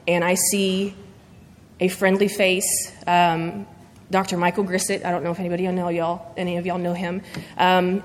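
A woman sharing a personal faith testimony before her church, speaking earnestly and haltingly through emotion. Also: on the low side. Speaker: church member giving testimony. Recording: long reverb of a large hall.

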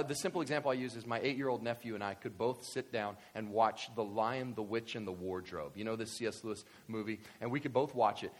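Male pastor, lively sermon delivery, loud spikes. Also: a little high. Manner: animated, swings from quiet to loud excited bursts.

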